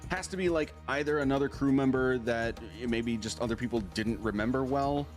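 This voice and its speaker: Excitable, laughing male game master. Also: mid-range voice, brisk, over music. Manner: excitable, loud, laughs often. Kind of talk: narrating a tabletop game.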